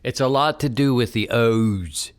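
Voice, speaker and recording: A man's voice: medium pitch, unhurried. A man with a Baltimore accent hosting a podcast in casual, rambling solo talk, joking and drifting off topic. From Baltimore, Maryland. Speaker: podcast host.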